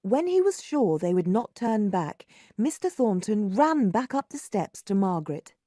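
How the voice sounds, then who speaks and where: Woman reading a story out loud, slow, lots of ups and downs, dry sound. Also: mid-range voice, no echo. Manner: slow and lively, acting out the dialogue. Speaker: narrator.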